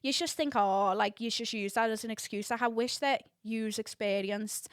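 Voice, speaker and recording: A young woman, hosting a podcast and telling a story in casual chat, full of swearing and loud laughter. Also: fairly high pitch, steady tone, moderate pace, no room sound, studio quality. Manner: chatty, swearing, laughs loudly at own story. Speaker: podcast host.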